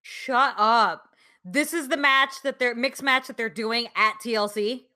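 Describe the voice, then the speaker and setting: A woman's voice: fairly high pitch, measured pace, sharp tone. A woman co-hosting a casual podcast chat who swears freely and laughs often. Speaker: podcast co-host.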